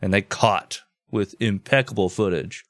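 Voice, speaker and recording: A man co-hosting a casual podcast, teasing his partner in a deadpan way. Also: fairly low pitch, unhurried, dry recording. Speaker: podcast co-host.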